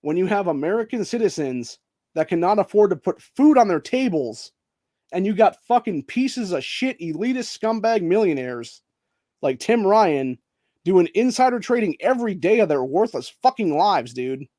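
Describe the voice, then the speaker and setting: A man's voice: sits high, sing-song, normal speed, dark tone, dry recording, clean studio sound. A man hosting his own channel, delivering a heated, profanity-laced political rant and calling everyone dude. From Ohio. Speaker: host.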